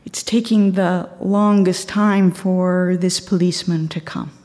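A woman retelling a true story in an earnest, measured way. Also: lowish voice, fairly even intonation, darkish tone, big-room sound. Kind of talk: storytelling talk.

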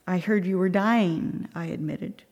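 A woman with a lowish, darkish voice delivers a reflective sermon that unfolds as a story. At moments she slows and speaks in little more than a whisper.

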